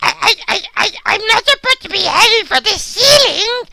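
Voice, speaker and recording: A woman voicing an excitable, anxious cartoon guard dog who stammers and repeats words in a panic. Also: extremely high pitch, moderate pace, creaky, slight background noise, heavily acted. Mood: alarmed. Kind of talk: children's cartoon voice acting.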